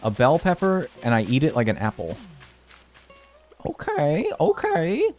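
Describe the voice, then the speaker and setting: A man's voice: mid-range voice, big pitch swings, fairly quick. A young man chatting casually on a live stream, joking and reacting to chat in a laid-back way.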